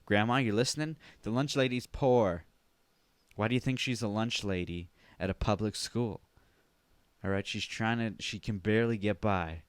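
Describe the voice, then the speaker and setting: A man hosting a podcast, telling a comic story in an animated, profane way with sudden shouted bursts. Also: fairly low pitch, normal speed, smooth, no room sound. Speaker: podcast host. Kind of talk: comedic storytelling monologue.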